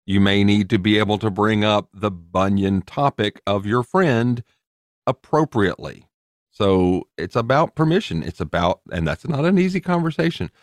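A man's voice: lowish voice, expressive, moderate pace, no room sound. A man co-hosting a podcast in casual, jokey chat, laughing often. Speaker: podcast co-host.

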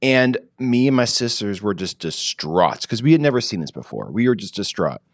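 Lively self-mocking male podcast co-host. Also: fairly low pitch, moderate pace, no room sound, studio quality. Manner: animated, self-mocking storyteller. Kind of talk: casual chat.

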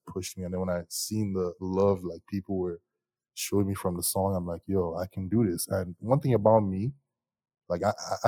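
Young male interviewee, low voice, dry close sound, lively slangy storyteller who laughs a lot. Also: dry recording. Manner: animated, slangy, laughs often. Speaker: musician guest.

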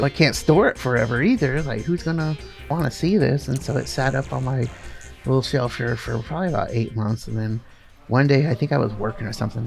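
A man's voice: medium pitch, vocal fry, darkish tone. A middle-aged man telling his own story in a casual, earnest way, laughing now and then. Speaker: guest artist.

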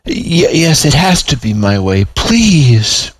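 A man's voice: on the high side, very animated, unhurried, no echo, voice pushed up. A man voicing an eager male dog-like creature who stammers and pleads. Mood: pleading.

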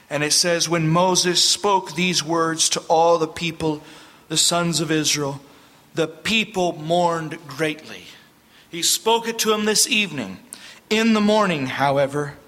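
A man preaching a sermon, reading scripture aloud and commenting, swinging from loud declaring to low hushed warning. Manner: reads scripture aloud, then breaks off to comment. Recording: long reverb from a hall.

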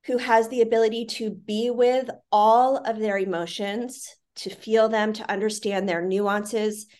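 Woman, interview guest, earnest and reflective, fairly high voice. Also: fairly even intonation, unhurried, darkish tone. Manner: earnest, reflective, with frequent fillers. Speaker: parenting institute CEO, guest. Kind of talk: conversational interview.

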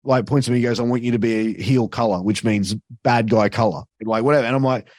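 Aussie bloke rambling through wrestling stories, swears a lot, dry close sound. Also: male voice, medium pitch, steady tone, a little mellow, no echo. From Australia. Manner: swears freely, fast storytelling with many fillers. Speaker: podcast guest, wrestling commentator. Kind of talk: casual chat.

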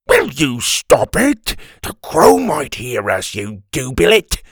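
Man doing a loud blustery pirate goon for a kids' storybook, gravelly and lively. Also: medium pitch, slow, dry recording, studio quality, exaggerated voice. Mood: scolding. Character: gruff loud male pirate crewman, bossy.

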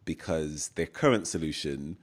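A man hosting a podcast interview, speaking in a measured way and pausing to search for words. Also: a bass voice, expressive. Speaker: podcast host.

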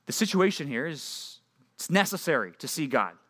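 Bright-voiced man preaching to teens. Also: mid-range voice, expressive, a little fast. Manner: casual and conversational, asks listeners questions. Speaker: youth pastor. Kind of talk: youth sermon. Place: church youth group meeting.

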